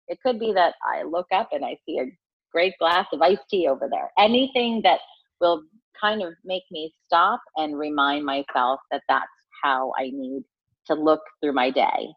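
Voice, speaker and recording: Low voiced woman in her 40s, halting and heartfelt, keeps restarting, dry and kinda muffled sound. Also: no echo. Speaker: guest. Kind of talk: personal storytelling interview.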